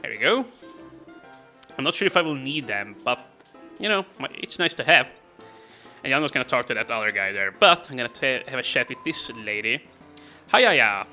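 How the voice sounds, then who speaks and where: A man talks through his game in a loose, rambling way, laughing often and filling the pauses with ums. His voice is very bright, and soft music plays faintly underneath. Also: medium pitch, lively intonation. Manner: chatty, rambling, laughs often, hesitant fillers. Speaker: let's play commentator. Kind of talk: casual game commentary.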